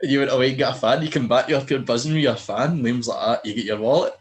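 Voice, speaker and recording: Man, young adult, medium pitch, teasing casual host. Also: fast, hardly any pauses. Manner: teasing, swears freely. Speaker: podcast host. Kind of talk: casual chat.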